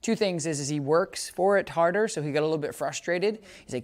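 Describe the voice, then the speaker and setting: In an outdoor hands-on lesson, a dog trainer chats casually through his explanations and calls upbeat, high praise to the dog. He speaks briskly.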